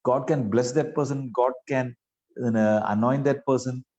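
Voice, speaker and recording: A man's voice: medium pitch, steady tone, moderate pace, dark tone, lo-fi sound. A man preaching a sermon, speaking earnestly and pleadingly to his listeners and often adding "you know" mid-sentence.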